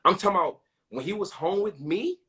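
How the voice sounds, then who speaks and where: A man's voice: high voice, lively intonation, brisk, sharp tone. Earnest young man opening up. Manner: earnest, vulnerable, repeats phrases, keeps saying "you know what I'm saying". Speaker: podcast host. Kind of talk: open personal storytelling at a community gathering.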